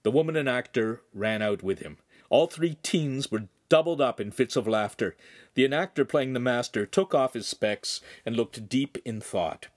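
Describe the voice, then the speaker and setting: A man narrating a young adult novel with animated storytelling. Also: mid-range voice, moderate pace. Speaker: audiobook narrator. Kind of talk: scripted narration.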